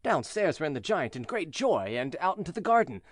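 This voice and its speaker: A man narrating a fairy tale for English learners in a clear, measured, expressive way. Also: fairly high pitch, dry recording, clean studio sound. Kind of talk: storybook reading for English learners.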